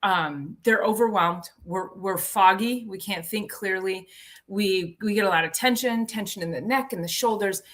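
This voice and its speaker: A woman's voice: medium pitch, normal speed, a bit bright. A woman hosting a casual health talk, chatty, often restarting her sentences and laughing easily. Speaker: health show host.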